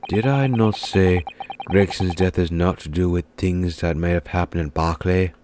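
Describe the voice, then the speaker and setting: A man voicing a gruff older prison governor in an attempted Scottish accent, blustering and hearty, reading game dialogue. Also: low-pitched, moderate pace, background noise, lightly acted. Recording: game music behind voice.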